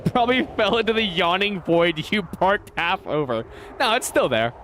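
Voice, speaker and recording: American male streamer, high-ish lively voice, excitable and profane, chatting with viewers mid-game. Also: normal speed, a little hiss or hum. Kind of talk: live gameplay commentary.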